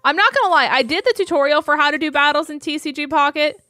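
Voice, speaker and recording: A woman's voice: high-pitched, quick pace, pushed and bright, no echo. A young adult woman chatting casually with her live-stream audience, rambling with many ums and likes.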